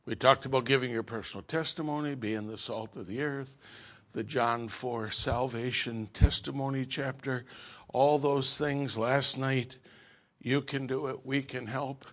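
A man's voice: mid-range voice, fairly even intonation, a little slow, fairly bright tone. A man preaching a sermon, telling stories in an emphatic, folksy way. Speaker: pastor.

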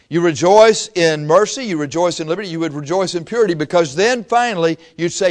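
A man preaching a sermon in a fairly high voice. He acts out small scenes, jumping from near-shouts to hushed, quick asides. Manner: dramatic, acts out little scenes, swings from loud to hushed.

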